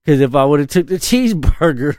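A man's voice: fairly high pitch, expressive, a little fast, a little mellow, no echo, clean studio sound. A man telling a casual story as a parent. His talk is loose and slangy, full of "you know" asides and laughs.

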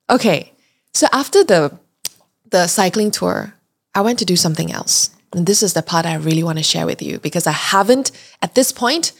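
A woman's voice: lowish voice, creaky. A woman telling a travel story in a casual podcast chat, talking freely, laughing often and acting out what people said. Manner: chatty, laughs often, acts out quotes. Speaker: podcast guest recounting a trip.

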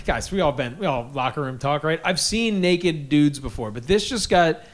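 A young man in casual podcast chat, his voice sitting a little high. He tells a story at length, acting out what people said and laughing along with it. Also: expressive, normal speed. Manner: storytelling, laughing at own jokes, acts out quotes. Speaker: podcast co-host.

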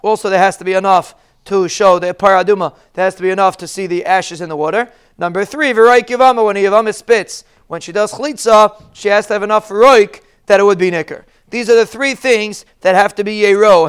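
A man's voice: high voice, fairly quick, a bit bright, clean tone. A man teaching a Talmud lesson, explaining each Hebrew phrase in plain English.

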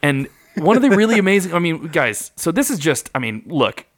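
Chatty rambling podcast co-host. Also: male voice, a little high, very animated, brisk. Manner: chatty, rambling, laughs often, fillers. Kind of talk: casual podcast chat.

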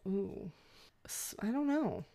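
A woman's voice: medium pitch, big pitch swings, slow, dark tone. A woman co-hosting a casual movie podcast, blunt and swearing freely, laughing easily. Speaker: podcast co-host.

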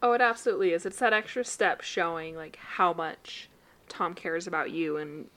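Lower-voiced woman, encouraging co-host. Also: fairly even intonation, normal speed, bright, forceful tone. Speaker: podcast co-host. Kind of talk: casual chat.

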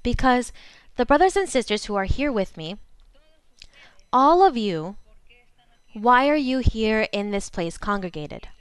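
A woman preaching a sermon to her congregation in a fervent way, slowing down for emphasis. Her first language is Spanish. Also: a little high, expressive, smooth, no echo. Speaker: pastor.

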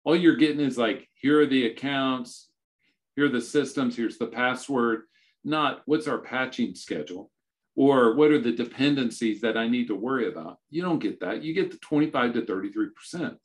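A man's voice: medium pitch, moderate pace. A man hosting his own podcast, talking alone in a conversational way with dry sarcasm and frequent restarts. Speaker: podcast host. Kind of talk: solo podcast talk.

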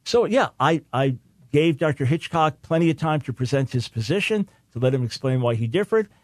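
A man hosting a talk radio show, speaking in a fairly high register with an insistent, emphatic delivery. He hammers his points home through repetition. The recording is dry and close, with no room echo. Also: animated, a little fast.

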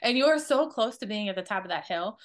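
A woman's voice: medium pitch, animated, quick pace. A woman co-hosting a wellness podcast who reassures and coaches her partner in an upbeat, encouraging way. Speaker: podcast co-host.

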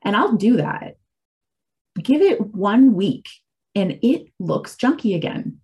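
A woman's voice: mid-range voice, big pitch swings, slow, darkish tone, slightly rough. A woman in her forties talking casually and candidly about her faith and recovery, reflective, with frequent fillers and restarts. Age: 40s. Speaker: speaker sharing a personal faith and recovery story.

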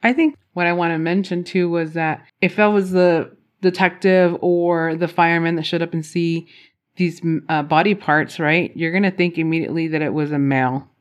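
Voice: mid-range voice, fairly even intonation, normal speed. A person co-hosting a true crime podcast, musing aloud and often ending points with "right?". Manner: musing, asks questions, ends points with "right?". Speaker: podcast co-host. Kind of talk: casual podcast conversation.

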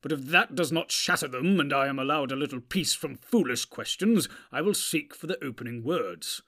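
A man voicing a proud, quick-tempered old male wizard who speaks in a commanding, testy way, in a storybook reading. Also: a little high, bright, forceful tone.

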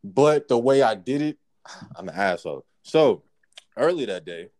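A man casually telling a work story among friends, profane and animated, acting out what people said. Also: mid-range voice, measured pace. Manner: profane, animated, acts out quotes.

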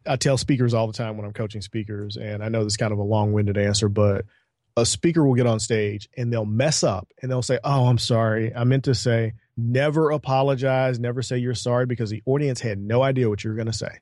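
A man's voice: medium pitch, fast talker, no echo, studio quality. Chatty man telling stories in an interview. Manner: chatty storyteller, animated quoted dialogue. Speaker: podcast guest, networking coach. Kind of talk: casual interview talk.

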